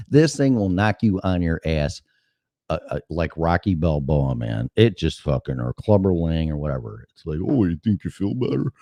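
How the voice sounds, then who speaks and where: Host, male, middle-aged: deep voice, swooping lively delivery, dry close sound, cusses freely. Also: no echo. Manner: profane, rambling, animated storytelling. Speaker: show host. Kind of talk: casual monologue.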